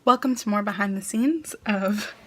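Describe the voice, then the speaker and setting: A woman's voice: medium pitch, normal speed, very noisy. A young woman chatting casually in a home vlog, bubbly and giggly, recorded at home on a camera mic. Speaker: vlogger and singer. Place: home, kitchen.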